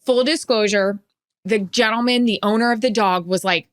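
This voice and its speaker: A woman co-hosting a podcast in casual chat, telling a story in an animated way and acting out the quotes. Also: mid-range voice, normal speed, clear, resonant tone, dry recording. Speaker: podcast co-host.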